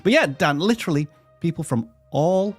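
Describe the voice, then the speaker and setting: A man's voice: a little high, expressive, moderate pace, slightly rough, faint music behind. Chatty male livestream host. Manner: chatty, joking, reads out viewer names. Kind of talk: upbeat livestream chat.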